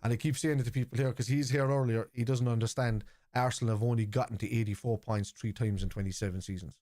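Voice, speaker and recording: A man's voice: medium pitch, steady tone, fast, mellow, no echo, studio quality. A man hosting a live football watchalong, chatting casually in a blunt, opinionated way with plenty of swearing and repeated points. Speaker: host of a football watchalong stream. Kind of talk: casual live commentary and chat.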